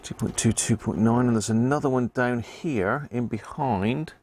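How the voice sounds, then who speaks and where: This is a medium-pitched, slightly mellow male voice at normal speed, belonging to a middle-aged man from Devon with a Devon accent. Repairing a radio live on stream, he talks through his work, mutters readings, and chats with viewers.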